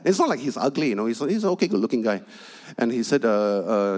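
A man's voice: medium pitch, expressive, fast, a little mellow. A man preaching a sermon, telling a personal story in a chatty way with frequent asides and turning emphatic as he preaches. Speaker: pastor.

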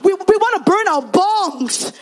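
A woman voicing a young male Muay Thai champion who talks loudly and earnestly. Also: very high-pitched, normal speed, slight background noise. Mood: eager.

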